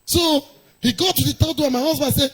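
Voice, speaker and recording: A middle-aged woman, a pastor's wife telling a personal story in a sermon, animated and laughing often. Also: sits high, a little fast, poor audio.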